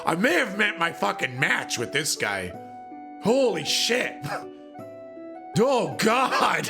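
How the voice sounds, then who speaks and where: A man live-streaming and chatting casually with viewers, his voice worn and hoarse, laughing often and bursting out loudly. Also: sits high, big pitch swings, drawn-out words, pauses often, over music. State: voice going, hoarse.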